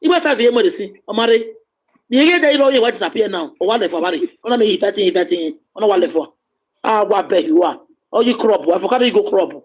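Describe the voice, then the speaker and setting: Nigerian man, strikingly high voice, playful teaser who laughs a lot and shouts out now and then. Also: animated, fast talker. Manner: teasing, laughing often, loud bursts. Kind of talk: joking casual banter.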